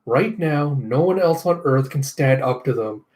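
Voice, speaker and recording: A man voicing a scheming male villain chef with a slow, smug, high sing-song delivery. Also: expressive, darkish tone, lightly acted.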